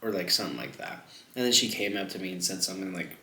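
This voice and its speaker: A man's voice: sits low, lively intonation, quick pace, bright, forceful tone, a little hiss or hum. A young man chatting casually while eating on camera, rambling and jumping between topics with lots of filler words. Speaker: mukbang vlogger. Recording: echoey room.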